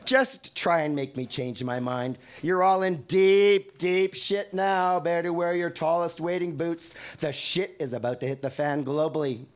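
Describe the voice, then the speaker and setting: A man's voice: on the high side, unhurried, few pauses, close to an everyday voice. A man voicing God as a boastful, contemptuous deity fed up with humanity, in a performed poetry reading. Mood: scornful, boastful. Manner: grandiose and contemptuous.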